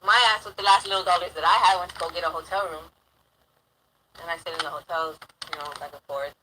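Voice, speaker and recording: A woman's voice: fairly low pitch, fairly even intonation, quick pace, background noise. A young woman telling a rambling personal story in casual talk, swearing heavily and getting heated.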